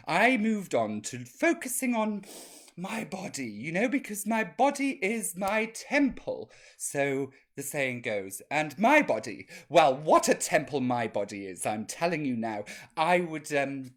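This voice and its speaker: A man's voice: fairly high pitch, very animated, unhurried. A man hosting a live-streamed chat show as a cheeky camp drag grandmother, reading out viewer comments in a chatty, naughty way. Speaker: drag host playing a grandma.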